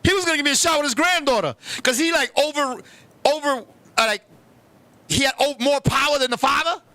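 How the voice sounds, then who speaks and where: A man telling a comic story on a show, animated and profane, who keeps turning to his co-host. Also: very high voice, a little fast. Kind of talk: comedic storytelling.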